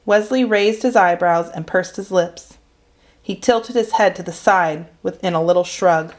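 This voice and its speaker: Calm woman reading a storybook aloud. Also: on the low side, measured pace.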